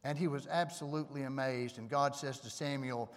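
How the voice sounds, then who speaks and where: A man's voice: mid-range voice, steady tone, brisk. A man preaching a sermon on a stage microphone, talking conversationally and asking the audience questions. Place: church hall. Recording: long reverb of a hall.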